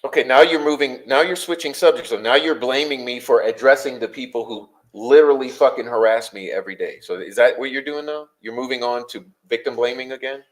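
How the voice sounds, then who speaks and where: A man hosts a livestream and argues with his chat, exasperated and confrontational, and he swears heavily. He fires off rhetorical questions in quick bursts. His voice sits at an everyday middle pitch for a man. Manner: rapid-fire rhetorical questions. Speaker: livestream host. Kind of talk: unscripted livestream rant answering chat.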